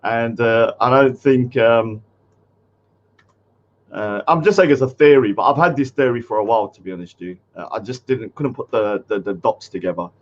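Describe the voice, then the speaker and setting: A man's voice: mid-range voice, moderate pace, muffled recording. A man hosting a casual livestream, rambling with lots of fillers and getting easily annoyed. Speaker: host.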